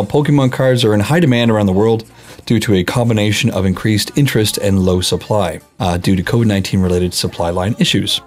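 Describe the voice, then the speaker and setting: A man's voice: lowish voice, a little mellow. A man co-hosting a podcast in casual chat, reading news stories aloud in an easygoing way with fillers.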